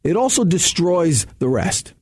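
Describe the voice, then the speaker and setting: A middle-aged man speaks with a high voice in a casual radio studio chat. He gives sales advice in energetic, emphatic bursts, often restarting his sentences as he tells stories. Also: measured pace, breathy edge. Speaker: sales coach guest.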